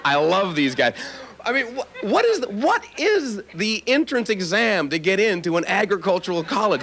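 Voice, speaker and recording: A man doing a stand-up comedy set, animated and slipping into jokey voices. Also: on the high side. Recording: noisy old videotape.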